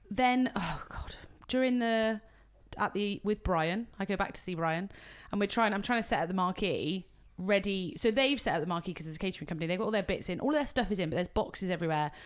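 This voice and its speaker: A British woman and wedding coordinator, co-hosting a podcast and telling an animated story full of acted-out quotes. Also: mid-range voice. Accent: British English. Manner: animated storytelling, acts out quotes, swears casually. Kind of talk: casual chat, storytelling.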